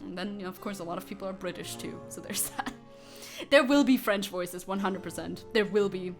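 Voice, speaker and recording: Streaming a game, a woman chats casually with her viewers, laughing often and swearing freely. She has a mid-range voice and talks a little fast, with soft music playing in the background.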